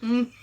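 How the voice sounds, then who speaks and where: Bright-voiced chatty woman podcast host. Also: extremely high pitch. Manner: chatty and rambling, many fillers and restarts. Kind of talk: casual chat.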